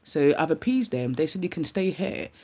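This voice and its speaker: Lively, heavy man. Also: fairly high pitch, normal speed. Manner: animated, slangy, acts out each side of a dialogue. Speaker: vlogger. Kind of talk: casual storytelling.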